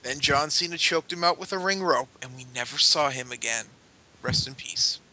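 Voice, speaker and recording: A man's voice: medium pitch, normal speed, background noise. A man co-hosting a podcast in casual chat, ranting and cursing and laughing often. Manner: ranting, profane, laughs a lot. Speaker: podcast co-host.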